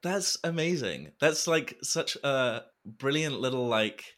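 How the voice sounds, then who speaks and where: A man hosting a podcast in casual chat, enthusiastic and quick to laugh, swearing freely. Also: medium pitch, lively intonation, a bit bright. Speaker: podcast host.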